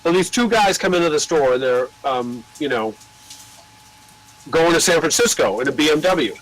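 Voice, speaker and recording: A man's voice: fairly high pitch, animated, normal speed, rough recording. An older American man who owns a record label, telling long rambling anecdotes with swearing and acting out the voices of the people he quotes. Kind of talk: casual storytelling.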